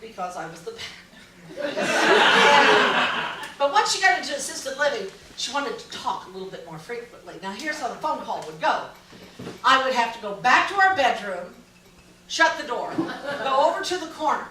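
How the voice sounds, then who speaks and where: A middle-aged woman comedian telling stand-up stories in an animated way, breaking into loud yelling impressions. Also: high voice, moderate pace. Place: small live music venue. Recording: echoey room from far off, audience laughter.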